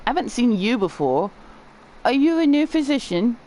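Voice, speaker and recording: A woman's voice: a little high, sing-song, normal speed, mellow, voice pushed up, poor audio. A woman voicing a sick young boy with a put-on accent, whining about his medical examinations. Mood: weary. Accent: put-on unnamed accent.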